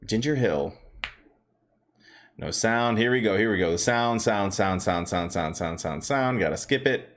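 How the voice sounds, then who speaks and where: A man's voice: on the low side, a little slow. A man hosting a casual stock market livestream, chatty and upbeat, greeting viewers by name and telling rambling stories with lots of fillers. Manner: rambling storytelling with many fillers.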